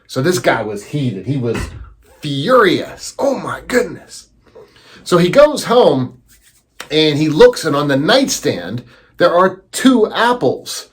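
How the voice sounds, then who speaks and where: A man telling a teaching story as a lesson, animated and acting out the voices he quotes. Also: a little high, slow pace, breathy edge.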